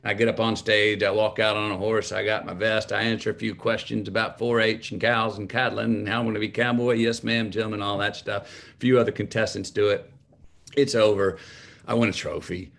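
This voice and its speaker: A man in his fifties, a guest telling an anecdote in an animated way and laughing along with it. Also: on the low side, fairly quick, gravelly. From Texas. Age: 50s. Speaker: guest, memoir author. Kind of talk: anecdotal storytelling.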